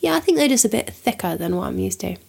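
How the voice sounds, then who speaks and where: A woman's voice: medium pitch, big pitch swings, quick pace, vocal fry, a little mellow, slightly rough. A woman co-hosting a podcast at home, chatting casually, giggling often and slipping into funny voices. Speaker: podcast co-host. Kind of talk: casual chat.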